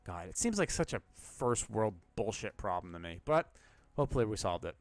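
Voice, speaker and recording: A man's voice: lowish voice, big pitch swings, a little fast, no echo. A man hosting an advice podcast, answering listener questions in a blunt, sarcastic way and swearing freely.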